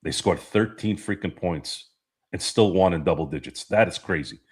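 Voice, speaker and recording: A man hosts a loose sports talk stream and answers the live chat. His voice sits a little low. He rambles from one story to the next, swearing freely and laughing at his own jokes. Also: moderate pace, breathy edge. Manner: rambling, profane, laughs often. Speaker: podcast host.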